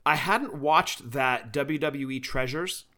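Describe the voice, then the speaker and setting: A podcast co-host talks casually and with enthusiasm about wrestling shows and collectibles, laughing often. His medium-pitched voice has a sharp tone and a slow delivery.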